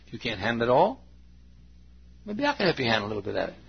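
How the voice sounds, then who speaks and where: A man in his late fifties preaching a sermon, folksy and storytelling, with a gravelly voice. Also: wildly swooping pitch, very fast, muffled recording, slight background noise. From Texas. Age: 50s. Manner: folksy, acts out anecdotes with bursts of high imitation and laughter.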